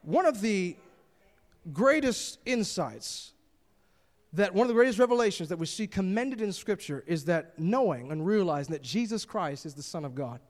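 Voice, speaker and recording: A man's voice: high voice, animated, moderate pace, long reverb tail. A man preaching a sermon, reading scripture and commenting on it in an emphatic, conversational way.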